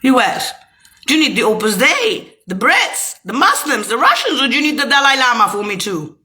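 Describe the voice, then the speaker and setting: A woman rants straight into the camera, bitter and foul-mouthed, rambling as she swings from yelling to quiet muttering. Her delivery has a sing-song quality and moves at a normal speed.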